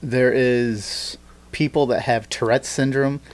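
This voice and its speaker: A man's voice: medium pitch, fairly even intonation, takes it slowly. Rambling man in casual podcast chat. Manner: rambling, filler-heavy storytelling. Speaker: podcast host.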